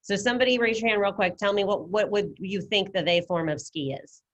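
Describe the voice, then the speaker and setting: A woman with a medium-pitched voice runs an online Spanish lesson via video call, talking fairly quickly. She keeps it casual and supportive, guiding her students through every step.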